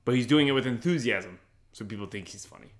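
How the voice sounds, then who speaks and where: A man's voice: medium pitch, lively intonation, quick pace. A man co-hosting a podcast in casual chat, sarcastic and swearing freely. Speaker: podcast co-host.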